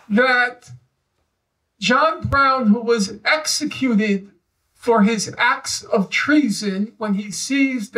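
A man's voice: very high voice, a bit bright, recorded from a distance, low-quality recording. A man, a historian and guest speaker, talking in a live public discussion in an emphatic, storytelling way. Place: live event venue.

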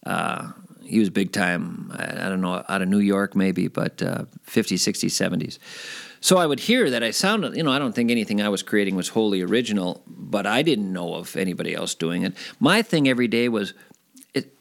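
A man with a slightly low voice tells stories in a relaxed interview. He rambles and circles back on himself, and his pitch jumps up when he gets excited. His tone is self-deprecating. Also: a little fast, creaky. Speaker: former radio host. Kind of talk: casual interview storytelling.

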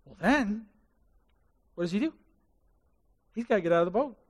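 A man preaching a sermon as pastor, telling the story in an animated way and asking the congregation questions. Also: high voice, normal speed, big-room sound.

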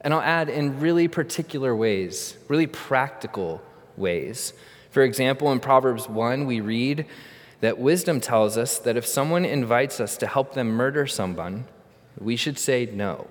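A man's voice: mid-range voice, expressive, a little slow. A middle-aged man preaching a sermon, telling a funny childhood story with animation and then teaching earnestly. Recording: long reverb of a large hall.

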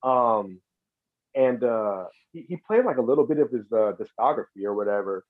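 A man's voice: mid-range voice, lively intonation, normal speed, no room sound, phone-quality sound. A man guest on a podcast, easygoing in casual chat, laughing often and restarting his sentences.

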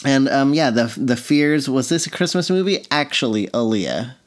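A man's voice: mid-range voice, expressive, normal speed. Rambling, jokey male podcast co-host. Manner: rambling, jokey, breaks into silly scatting. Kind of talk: casual movie review chat.

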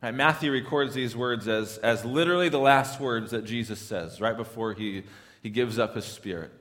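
A pastor preaching a sermon in a church, talking in a conversational way, often repeating words and rising into loud, pleading questions. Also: male voice, mid-range voice, big-room sound.

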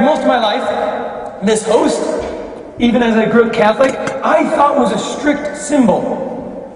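A man preaching a homily as a Catholic priest, emphatic and full of rhetorical questions. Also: high-pitched. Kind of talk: homily at Mass. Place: large church. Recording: echoey church hall from far off.

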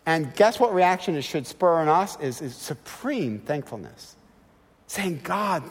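A middle-aged man delivers a sermon with a lively, swinging delivery in a fairly high voice, pressing his points with rhetorical questions. His words carry a long reverb from a large church sanctuary. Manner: animated and emphatic, with rhetorical questions. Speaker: guest preacher.

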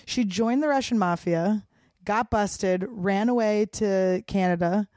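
A woman's voice: medium pitch, measured pace, darkish tone, no echo, clean studio sound. A woman from Philadelphia, a comedian, telling a wild story in a casual, profane way. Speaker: comedian guest.

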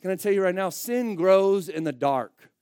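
A man, a pastor, preaching a sermon in a conversational, emphatic way, swinging between loud bursts and quiet asides. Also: high voice, animated, moderate pace, clean tone, no echo, clean studio sound.

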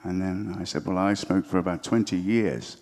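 A man's voice: low voice, moderate pace, darkish tone. A man telling an earnest story to a church gathering, acting out both sides of a conversation. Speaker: church member sharing a story. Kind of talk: spoken testimony to an audience.

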